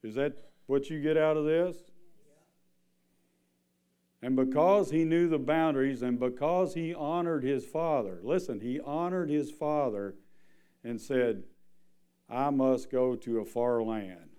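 A man's voice: mid-range voice, measured pace, long pauses, dark tone, smooth. A man preaching a sermon, reading scripture and then building to an impassioned appeal. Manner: reads scripture, then preaches with rising intensity.

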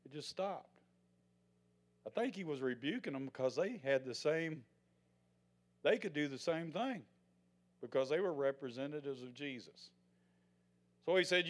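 An older man preaching a sermon in a folksy way, swinging from loud proclamations to hushed asides. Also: high-pitched. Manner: folksy, acts out the scenes he tells.

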